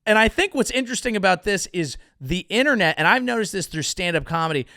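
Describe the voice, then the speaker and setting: A man's voice: high voice, expressive, quick pace, creaky, pushed and bright, no room sound, studio quality. A young man from the Bay Area who hosts a comedy show, riffing on the news with wry, self-mocking asides. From San Francisco Bay Area, USA. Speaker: comedian host.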